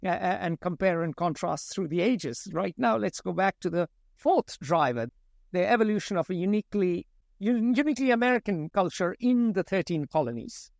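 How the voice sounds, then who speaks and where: A man's voice: sits high, expressive, normal speed, creaky, darkish tone, dry recording, studio quality. A man hosting a history podcast, speaking fluently in a lecturing way with some stumbles. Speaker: podcast host. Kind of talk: conversational history discussion.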